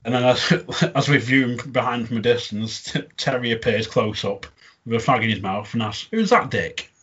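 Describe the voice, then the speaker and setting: A man's voice: medium pitch, fairly even intonation, moderate pace, a bit bright, husky, muffled recording. A man, chatting casually as a podcast co-host and laughing often as he recaps an episode. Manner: chatty, laughing often, quoting lines in funny voices.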